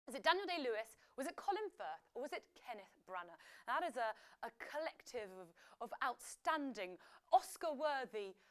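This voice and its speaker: A woman's voice: on the high side, very animated, moderate pace. A young woman hosting a live quiz, chatty and jokey, with playful whispered asides. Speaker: quiz host.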